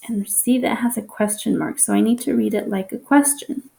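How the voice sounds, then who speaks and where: Woman, elementary teacher, gently repetitive instructions for kids; slightly raised pitch with gravelly fry. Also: steady tone. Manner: patient, repeats instructions slowly and encouragingly. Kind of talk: explaining a homework assignment to young children.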